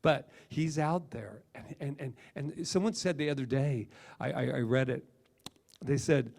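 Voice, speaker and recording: Middle-aged male minister, gravelly, animated emphatic preacher. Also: mid-range voice, unhurried. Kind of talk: sermon.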